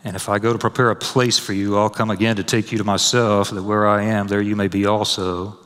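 A man with a low voice preaches from the pulpit, his words ringing through a long hall reverb. He rises loud and high on scripture and falls to a soft, low hush when telling a personal story. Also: little pitch movement, a little fast. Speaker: pastor. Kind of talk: sermon.

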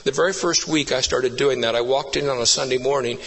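A man's voice: mid-range voice, brisk, fairly bright tone, big-room sound, low-quality recording. A man preaching a sermon, telling stories earnestly and building to emphatic repeated phrases.

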